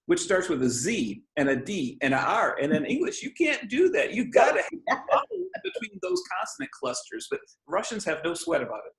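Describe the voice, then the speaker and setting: A man's voice: high voice, a little fast, few pauses. A man in his fifties from Michigan, an author and preacher, telling stories earnestly in a casual interview over a video call. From Michigan, USA. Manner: earnest storyteller, animated quotes. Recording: echoey room.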